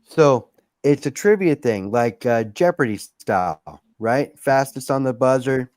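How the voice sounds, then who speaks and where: A man's voice: medium pitch, animated, unhurried, darkish tone, dry recording. A man on a live stream, telling upbeat anecdotes and checking in with "right?". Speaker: co-host. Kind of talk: casual chat.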